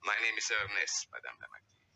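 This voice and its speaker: Deferential butler; low, bright, a little husky, dry. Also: male voice, very animated, brisk, no room sound, exaggerated voice. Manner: clipped, deferential. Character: formal male butler.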